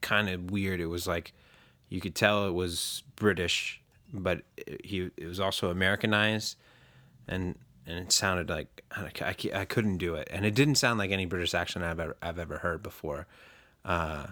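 A man co-hosts a podcast in a relaxed, reflective way. His voice is low but bright and forceful, recorded dry and close. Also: moderate pace, dry recording. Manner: relaxed, reflective, brief interjections. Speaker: podcast co-host. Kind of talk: casual podcast chat.

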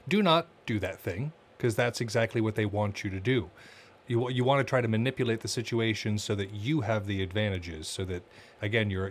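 A man co-hosting a podcast in casual chat, talking in a relaxed, loose way with frequent filler words. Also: lowish voice. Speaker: podcast co-host.

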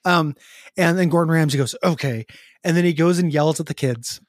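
A man's voice: a little high, steady tone, brisk, no room sound. Man with a dry close sound, joking. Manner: joking, crude, laughs often. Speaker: podcast co-host. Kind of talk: casual chat.

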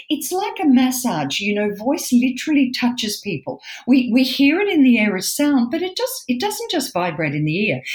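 Animated woman voice expert. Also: fairly high pitch, roomy sound, low-quality recording. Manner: animated, emphatic, demonstrates voices. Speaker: voice expert guest. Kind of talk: explanatory interview talk.

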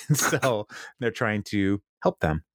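A man's voice: lowish voice, big pitch swings, takes it slowly, dry recording, studio quality. A man casually recapping a TV episode, rambling with lots of fillers and chuckles.

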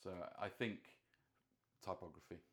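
A man's voice: low voice, a little slow, fairly bright tone. A man co-hosting a podcast, easygoing and enthusiastic in casual conversation. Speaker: podcast co-host. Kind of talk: casual design chat.

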